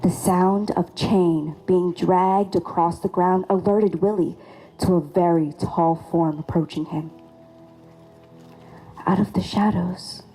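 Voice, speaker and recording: A woman narrates a local ghost legend at a lecture event in a measured, formal reading. Her voice is fairly low and mellow, with soft, dark edges. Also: steady tone, soft background music, rough recording. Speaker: storyteller.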